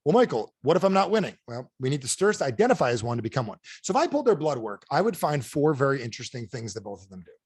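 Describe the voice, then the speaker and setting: A man's voice: medium pitch, big pitch swings, quick pace, hardly any pauses, husky, dry recording, studio quality. A man giving a motivational talk on a video call, pressing his points with repeated rhetorical questions. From United States. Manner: punchy, repetitive rhetorical questions. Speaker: motivational speaker. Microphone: close mic on a video call.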